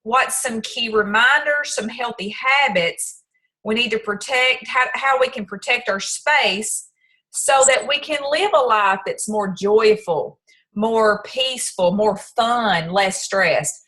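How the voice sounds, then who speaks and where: A woman's voice: fairly high pitch, slow pace, pushed and bright, rough recording. A woman hosting a casual group discussion, asking long questions with restarts and fillers. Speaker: discussion host.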